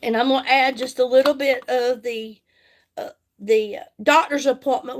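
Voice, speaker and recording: A woman's voice: high-pitched, steady tone, moderate pace. A middle-aged woman, chatting casually on a live stream while doing her makeup, folksy and greeting viewers by name. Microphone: phone.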